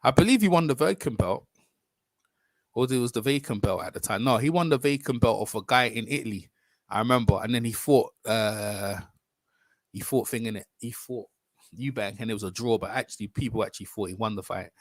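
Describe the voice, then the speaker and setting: On a dry recording, a man with a mid-range voice talks a little fast while hosting a casual boxing stream. He rambles and chats with the people watching, often revising what he just said.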